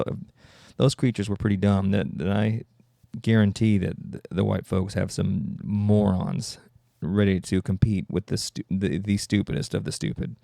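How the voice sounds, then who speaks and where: A podcast host with a low, gravelly voice delivers a loose, profane comedic monologue, riffing and repeatedly cutting himself off mid-thought. His tone is dark and mellow, and the recording is dry and close.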